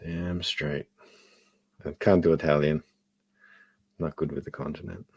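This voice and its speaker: A man's voice: very deep voice, flat delivery, measured pace, vocal fry, darkish tone, slightly rough. A man in casual chat, thoughtful and meandering, reading out viewer chat. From Australia. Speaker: podcast co-host.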